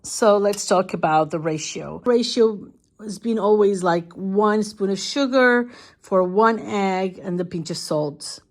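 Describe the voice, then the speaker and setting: A hoarse woman with a Portuguese accent, chatting casually through a home cooking vlog with her mother. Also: mid-range voice, measured pace. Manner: chatty, self-deprecating. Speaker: vlogger. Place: home kitchen.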